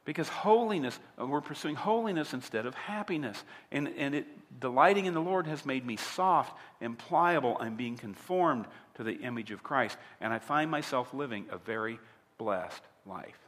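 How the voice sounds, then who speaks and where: A man's voice: medium pitch, expressive, normal speed, fairly bright tone, long reverb tail. A man preaching a sermon as a pastor, emphatic and asking his listeners direct questions. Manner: emphatic, asks the audience rhetorical questions.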